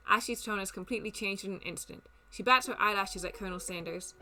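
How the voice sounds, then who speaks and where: A woman's voice: mid-range voice, fast talker, hardly any pauses, bright, forceful tone, soft background music. Playful young woman streamer reading. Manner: playful, wry asides. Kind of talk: reading a dating game aloud.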